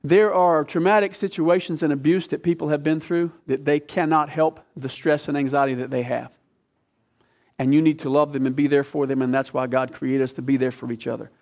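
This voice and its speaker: Animated man preaching a sermon. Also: a little high, fairly quick. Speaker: pastor and counselor.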